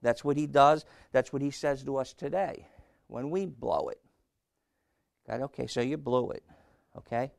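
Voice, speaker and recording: A man delivers a sermon with a gravelly edge at a slow, deliberate pace. He stresses each point and puts questions to his listeners. The sound is dry and close. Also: mid-range voice, dry recording. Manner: slow, emphatic preaching with questions to the congregation. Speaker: preacher.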